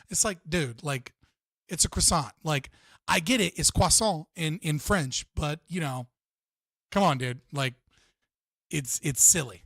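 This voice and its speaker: Brief: male streamer, higher voice, dry sound, swears and rants through casual reaction commentary. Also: expressive, normal speed, a bit bright, dry recording. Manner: profane, ranting, talks to chat.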